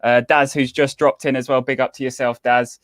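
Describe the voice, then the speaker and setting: A man's voice: mid-range voice, flat delivery, brisk. A man joining a casual football podcast, agreeable and chatty. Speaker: podcast co-host.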